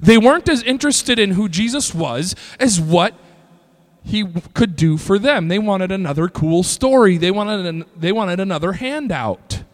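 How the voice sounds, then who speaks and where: High-voiced man preaching in a reverberant hall. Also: lively intonation, moderate pace. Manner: preaching with sudden shouted bursts. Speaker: pastor. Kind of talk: sermon.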